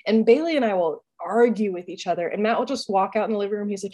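A woman's voice: medium pitch, fast, hardly any pauses, dark tone. A woman in her thirties chatting casually as a podcast co-host, full of fillers and frequent laughter. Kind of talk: casual chat.

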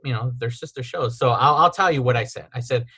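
A man's voice: medium pitch, a little fast, bright, forceful tone, husky. A man, a podcast host, telling a frustrating story in a casual rant, full of "like" and quoted texts. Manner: aggrieved, retelling texts with filler "like".

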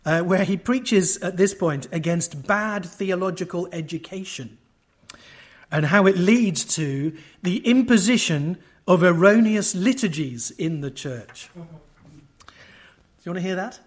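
A man preaching an expository sermon at a conference, emphatic, with wide swings in loudness and wry asides to the audience. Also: sits high, animated, a little slow.

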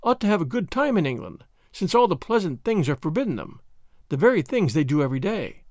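A man's voice: sits high, very animated, brisk, dry recording, clean studio sound. A man reading an audiobook, voicing a witty, bored young French noblewoman with a merry, teasing manner. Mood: arch, merry. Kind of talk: audiobook character voice.

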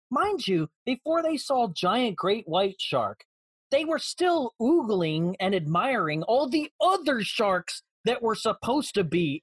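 A husky-voiced woman co-hosts a podcast and retells a film with comic outrage. Her voice swings up and down with life, and the sound is dry and close. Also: medium pitch, dry recording. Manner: animated storyteller, swears and acts out characters. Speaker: podcast co-host. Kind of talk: comedic movie recap.

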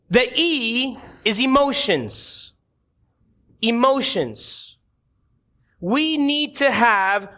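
Guy with a high voice preaching, lively, asks the crowd stuff. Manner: animated preaching, acts out quotes, addresses congregation. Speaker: pastor. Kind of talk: sermon.

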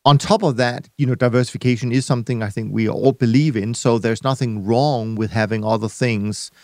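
A man hosts an interview podcast in a calm, reflective way, often qualifying what he says. His voice sits at a middle pitch and sounds dry, with no room around it. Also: a little fast, dry recording. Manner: reflective, hedging, searching for words. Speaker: podcast host. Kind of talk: conversational interview.

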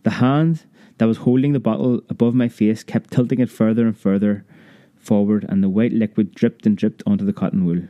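A man narrating a memoir audiobook in a measured, vivid storytelling manner. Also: on the low side, steady tone, dark tone, no room sound, lo-fi sound.

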